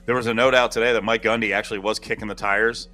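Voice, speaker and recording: A man hosting a casual sports talk show, talking in a rambling, animated way. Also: lowish voice, fast talker, faint music behind.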